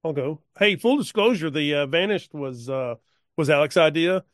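A man in a casual chat about a game session, talking haltingly with many fillers. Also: on the high side, animated, dry recording, studio quality. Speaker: player.

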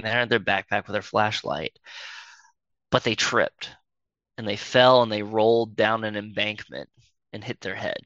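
A man's voice: on the low side, pushed and bright, dry recording. A man narrating an improvised character backstory in a rambling way, with many fillers and self-corrections, recorded with a dull lo-fi sound.

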